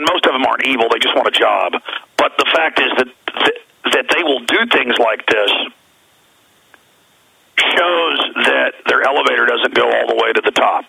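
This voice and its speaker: Gravelly, forceful Texan talk radio man. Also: mid-range voice, no room sound, rough recording. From Texas. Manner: rambling, emphatic storytelling with frequent restarts. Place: on the road, away from the studio. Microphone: phone.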